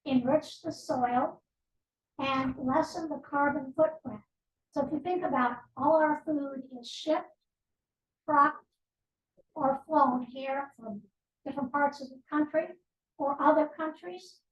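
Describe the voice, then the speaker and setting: A woman with a high voice gives a guest talk at a team meeting. She explains things plainly and adds wry asides. She sounds far from the microphone, in a reverberant office room. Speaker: guest speaker, nonprofit board president. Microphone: distant room microphone.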